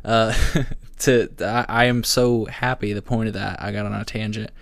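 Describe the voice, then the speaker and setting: A man with a lowish voice hosts a podcast in easy, casual chat. He tells stories with lively swearing and acts out what people said. The sound is dry and close. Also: normal speed, creaky, no room sound. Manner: animated storytelling, swearing, acting out quotes. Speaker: podcast host.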